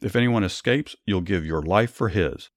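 A man's voice: low voice, moderate pace, no echo, studio quality, close to an everyday voice. A man voicing a ruthless, commanding male king in a read-aloud Bible story. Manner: reads plainly, commands raised and loud.

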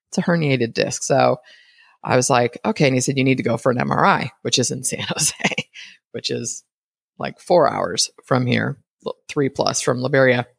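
A woman's voice: a bass voice, creaky, no room sound, studio quality. A woman hosting a podcast, chatting casually and rambling as she retells a story and acts out what people said. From United States. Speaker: podcast host.

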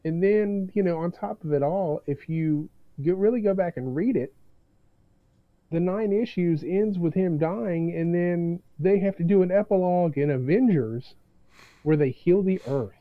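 Male podcast co-host on a remote call, voice a bit high, thin phone-line sound, measured and dry. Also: no echo. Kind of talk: casual chat.

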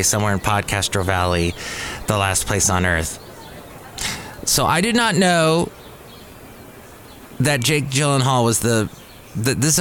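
A man's voice: mid-range voice, a bit bright, a little hiss or hum. A man hosting a podcast in a casual monologue who rambles and corrects himself aloud. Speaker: podcast host.

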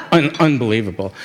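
A man from New York City telling a reflective personal story, often halting and restarting his words and chuckling at himself. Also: a little high. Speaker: speaker sharing a personal story.

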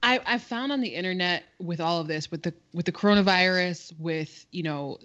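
An animated woman co-hosting a casual podcast, telling a story and climbing higher as her outrage builds. She swears freely and talks in a loose, chatty way. The audio is a little dull. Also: a little fast. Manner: animated storytelling, swearing, rising in pitch when indignant. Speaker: podcast co-host. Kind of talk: casual chat.

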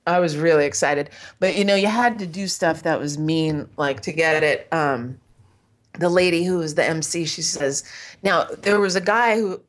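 A woman's voice: deep voice, moderate pace. A woman casually telling a crude comic story, laughing often and acting out the people she quotes.

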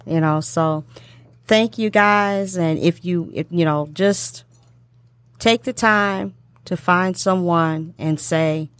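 A woman's voice: fairly low pitch, slow, no echo, studio quality. A middle-aged woman hosting a talk show. She speaks from the heart, repeats herself often, and stumbles over her words when she gets emotional. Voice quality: emotional, tongue-tied at times. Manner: warm repetitive speech with many fillers. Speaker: show host.

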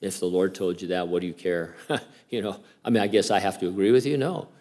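An older male pastor preaches in a relaxed, conversational way. He talks like he is chatting with friends, stopping often to restart a thought. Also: deep voice, fast talker. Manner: chatty and informal, with many fillers and restarts. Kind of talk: casual conversational sermon.

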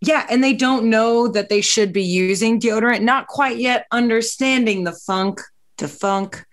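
Woman show host, animated and jokey, laughing mid-sentence. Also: fairly high pitch. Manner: animated, laughing, quick asides. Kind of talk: casual comedic chat.

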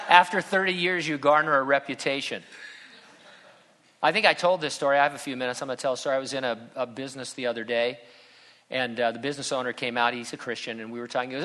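A man's voice: medium pitch, fast, pauses often, slight background noise. A middle-aged man preaching a sermon as pastor, conversational and humorous, with emphatic turns. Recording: bright voice in a hall with long reverb.

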